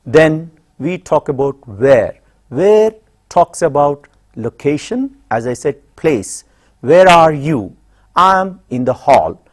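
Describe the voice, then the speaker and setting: A middle-aged man with an Indian English accent teaching a classroom grammar lesson, slowly and deliberately repeating example questions and answers. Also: fairly high pitch, big pitch swings.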